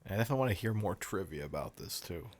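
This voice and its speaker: A man's voice: low-pitched, animated, brisk. A man co-hosting a podcast in casual, jokey chat, slangy and laughing often. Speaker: podcast co-host.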